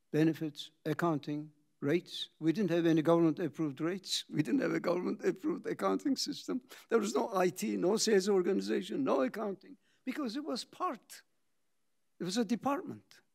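An older man, a company founder, tells his story in a reflective talk, pausing for drama and acting out the conversations he recounts. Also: fairly high pitch. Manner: dramatic pauses, acts out quoted dialogue.

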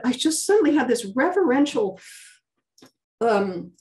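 A woman's voice: medium pitch, expressive, moderate pace. Fervent woman, heard from a distance. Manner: fervent, with frequent restarts and rising emphasis. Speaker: guest sharing a testimony. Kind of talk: emotional personal testimony. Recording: voice distant from the mic.

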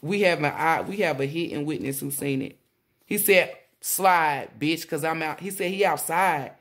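A woman tarot reader talking casually to viewers, rambling and excitable, often exclaiming and relaying messages in blunt slang with swearing. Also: deep voice, moderate pace. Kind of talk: casual spiritual reading to viewers.

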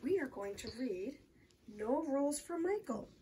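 A woman teacher reading a storybook aloud to children, expressive and asking them questions. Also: high voice, unhurried, slight background noise. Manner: expressive, asks the listener questions. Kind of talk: storybook read-aloud lesson.

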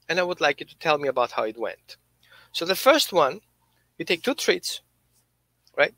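Animated man explaining dog training. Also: on the high side, no room sound. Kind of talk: instructional talk.

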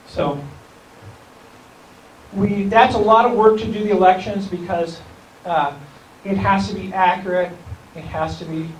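A high-pitched man speaks loosely to a civic group, restarting phrases and chuckling. He sounds distant from the mic, with room echo and a faint hiss. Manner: rambling, self-correcting, chuckling. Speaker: county school superintendent, guest speaker. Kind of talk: informal talk to a civic group. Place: meeting room.

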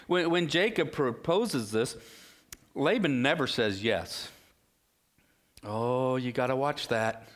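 A middle-aged male pastor preaching a sermon in a relaxed, conversational way, full of rhetorical questions and asides. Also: medium pitch, unhurried.

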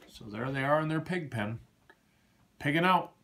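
A man reading a children's picture book aloud in an animated, sing-song storytelling manner. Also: on the high side, moderate pace, a little hiss or hum.

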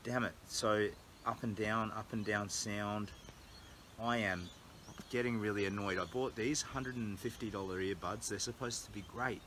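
A man's voice: on the low side, steady tone, moderate pace, sharp tone, slight background noise, low-quality recording. An Australian man talking candidly and a bit ramblingly on a casual livestream vlog from a small cabin. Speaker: charity walker livestreaming. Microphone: earbud mic, then phone mic.

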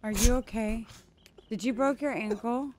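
A woman's voice: fairly high pitch, moderate pace, background noise. A woman playing a game with friends, hamming it up with playful melodrama. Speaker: game player. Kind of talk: let's play banter.

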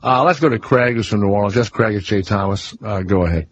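A middle-aged radio host with a faint Southern accent and a low, husky voice. He tells stories with animation. The sound is dry and a little dull. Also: fast talker, no room sound. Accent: Southern US, softened. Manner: animated storyteller, mimics announcers. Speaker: radio talk show host. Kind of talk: casual radio talk.

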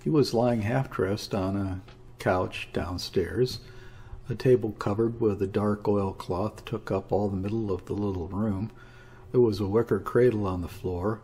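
A man reading a classic story aloud as an audiobook, in a measured, even storytelling manner. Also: fairly low pitch, breathy edge. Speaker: audiobook reader. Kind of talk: scripted narration of a classic story.

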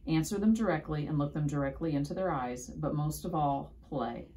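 A woman's voice: sits low, brisk, dark tone, slight background noise, lightly acted. A woman reading a storybook aloud, voicing an enthusiastic, kindly male music teacher who chirps with eager encouragement.

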